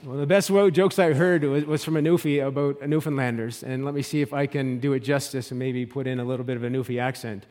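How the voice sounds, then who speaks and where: A man preaching a sermon in a conversational way, dropping low and slow for emphasis. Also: steady tone, darkish tone, big-room sound. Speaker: pastor.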